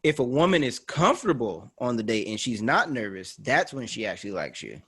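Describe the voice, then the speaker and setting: A man's voice: mid-range voice, big pitch swings, fairly quick, a bit bright, slightly rough, no echo, clean studio sound. A young man on a podcast panel arguing earnestly, repeating phrases for emphasis. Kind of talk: casual debate chat.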